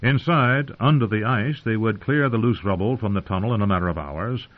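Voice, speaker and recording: Deep-voiced male fantasy narrator, phone-like audio. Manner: measured, grave storytelling.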